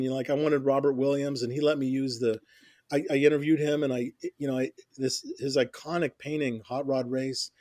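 A man's voice: medium pitch, darkish tone, no room sound, clean studio sound. A middle-aged man telling stories in a casual interview, rambling with many restarts and constant "you know"s. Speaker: interview guest, music journalist.

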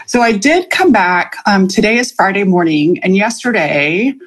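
A woman hosts her live podcast in a loose, conversational way, pausing on ums and laughing now and then. Her voice sits in a middle pitch with a husky edge. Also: lively intonation. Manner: chatty, with frequent ums and laughs. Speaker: podcast host and coach. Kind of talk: casual live podcast monologue.

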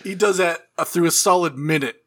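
A man's voice: on the high side, a little fast, a bit bright. A man co-hosting a casual podcast, adding dry, wry remarks while recapping a film. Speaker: podcast co-host. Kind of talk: casual chat recapping a movie.

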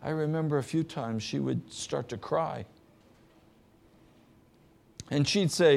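A middle-aged male pastor preaching with a slow, deliberate pace. His voice sits a little high, and he often drops into a soft, low register. The delivery is earnest. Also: vocal fry. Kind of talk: sermon.

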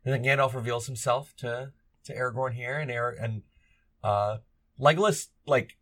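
Man, casual podcast chat, rambling, jokey, mid pitch. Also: fairly even intonation, moderate pace, a bit bright. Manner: rambling, joking, acts out characters' lines. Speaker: podcast co-host.

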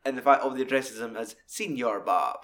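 A man talking casually about a film, swearing freely and acting out quoted lines in loud, high voices. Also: a little fast.

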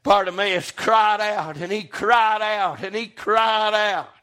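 A male preacher with a very high-pitched voice. He preaches with fervour, swinging between hushed passages and loud, shouting bursts. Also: slow pace. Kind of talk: sermon.

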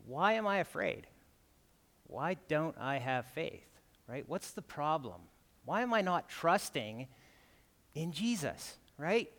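A man's voice: a little high, fairly bright tone. A man giving a guest sermon in a conversational way, often tagging his points with "right?". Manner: conversational, keeps asking "right?". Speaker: guest preacher. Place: church. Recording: church hall with long reverb.

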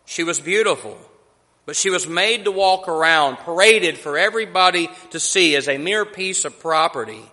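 Male preacher, high bright voice, slow deliberate sermon storytelling, long church-hall reverb.

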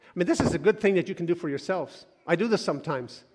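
A man preaching a sermon, moving between loud urging and soft, hushed asides. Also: sits high, expressive, fast. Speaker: pastor. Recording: long hall reverb.

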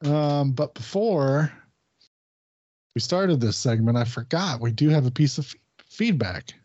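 A man's voice: mid-range voice, lively intonation, unhurried, darkish tone, no echo. A man co-hosting a podcast, telling a story casually, swearing and acting out his friend's lines. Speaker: podcast co-host. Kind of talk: casual chat. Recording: dull lo-fi podcast audio.

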